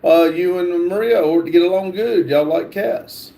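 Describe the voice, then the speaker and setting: A man hosting a livestream, reading chat comments aloud in a halting way with fillers and restarts. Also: high voice, creaky, mellow. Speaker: livestream host.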